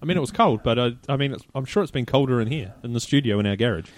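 A man co-hosting a podcast in casual chat, recounting his travels in an easygoing, relaxed way. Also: medium pitch, racing, no echo. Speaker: podcast co-host.

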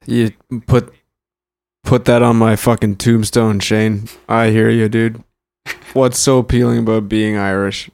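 A man's voice: fairly low pitch, little pitch movement, measured pace, vocal fry, a little mellow, clean tone. A man from Canada trading sardonic, profane jokes in improvised comedy banter.

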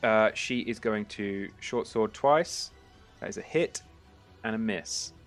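A man's voice: on the low side, slow, faint music behind. A man running a tabletop game as game master, narrating casually with frequent hesitations.

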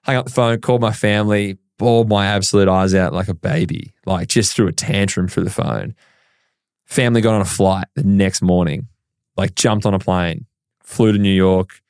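A man's voice: deep voice, normal speed, clear, resonant tone, dry recording, studio quality. An Australian man, a professional basketball player, telling his story as an interview guest and acting out the dialogue in it. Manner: animated storyteller who acts out quoted dialogue.

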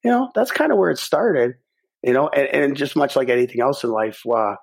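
A middle-aged man, a podcast guest, telling a personal story in a lively way and acting out his own thoughts. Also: medium pitch, fairly quick, vocal fry, breathy edge.

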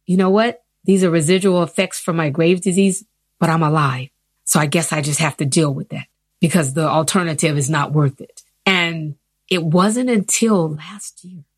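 Earnest woman with a low voice. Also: no echo, studio quality. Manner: earnest, animated retelling with acted quotes. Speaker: interview guest. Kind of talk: personal storytelling.

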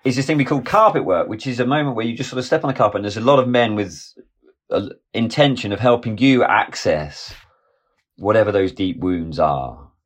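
A man's voice: on the low side, fairly quick. A man in his forties, a film director guest, telling a candid personal story with emphatic, freely profane speech. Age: 40s.

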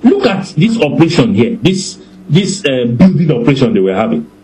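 A man preaching a sermon in a deliberate, animated way that often breaks into laughter. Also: mid-range voice, a little hiss or hum, poor audio.

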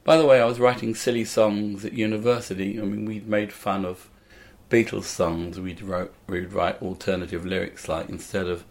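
Older male comedian guest, lowish voice, rambling and anecdotal. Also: little pitch movement, normal speed, few pauses, a little mellow. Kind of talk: casual interview chat.

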